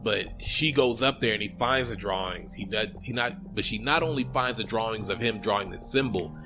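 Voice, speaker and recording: A man's voice: on the low side, moderate pace, music in the background. A man casually recapping a film in chat, swearing freely and acting out the characters' lines. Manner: animated, profane, acts out characters' lines. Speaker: podcast co-host recapping a film.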